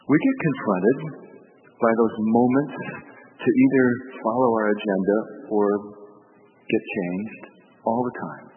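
A man's voice: on the low side, unhurried, slight background noise. A man preaching a sermon, telling the story with animation and acting out the voices of the people in it. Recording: phone-like broadcast with long hall reverb.

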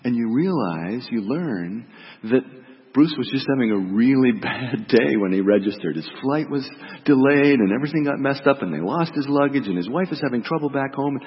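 A middle-aged man, a pastor, giving a reflective, gentle sermon and dropping softly on key words. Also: mid-range voice, animated, moderate pace. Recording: dull reverberant hall recording.

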